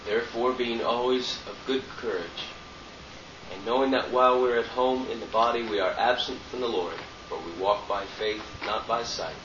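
A man's voice: mid-range voice, moderate pace, roomy sound. Student man reading scripture, hissy room. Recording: hissy, muffled, distant classroom recording.

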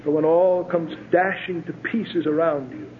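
High-voiced preaching man, tinny tape. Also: a little slow. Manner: emphatic preaching, rising to ringing climaxes and dropping to hushed tones. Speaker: pastor. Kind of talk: sermon. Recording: tinny phone-like old sermon tape with faint hiss.

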